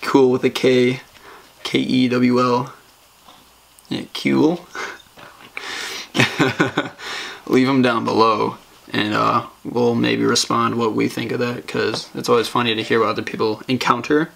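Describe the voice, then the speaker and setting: A man's voice: mid-range voice, completely flat delivery, unhurried, gravelly, a bit bright. A young man co-hosting a podcast, telling a story in loose casual chat with many fillers and laughs. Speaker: podcast co-host.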